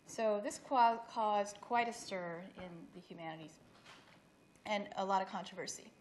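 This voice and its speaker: A woman's voice: mid-range voice, normal speed. Woman, middle-aged, academic talk, explains slides, faint noise behind. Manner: explanatory, with restarts and slide references. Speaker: speaker giving a talk. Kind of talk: academic presentation. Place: event hall.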